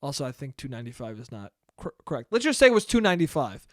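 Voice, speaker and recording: A young man hosting a podcast, telling a story in a loose, animated way, swearing freely and acting out what people said. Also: medium pitch, rapid-fire, dry recording, clean studio sound. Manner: animated, swears often, acts out quotes. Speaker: podcast host. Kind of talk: casual storytelling monologue.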